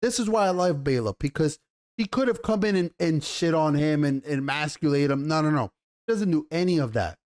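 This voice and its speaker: Animated, slangy man reviewing TV. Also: on the high side, brisk. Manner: animated and slangy, often repeats himself. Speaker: TV show reviewer. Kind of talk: casual episode review.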